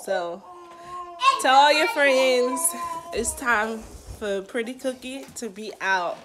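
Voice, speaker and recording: A woman's voice: on the high side, slow pace, heavy background noise. A woman hosting a casual family vlog, playful and often laughing. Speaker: vlog host and mother.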